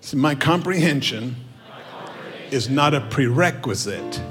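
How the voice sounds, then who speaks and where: A male pastor telling a story from the pulpit, dropping to hushed asides and then rising into loud, lively bursts. His voice rings through a large hall with a long echo, and soft music plays behind him. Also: mid-range voice, unhurried. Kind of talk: sermon.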